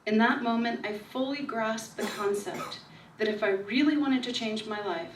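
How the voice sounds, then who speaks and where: A woman giving a calm, repetitive spiritual talk at her book signing, slowing down to stress key ideas. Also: on the high side, slight background noise. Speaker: author speaking at a book signing. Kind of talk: spiritual talk to a small audience. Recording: echoey room recorded from far off.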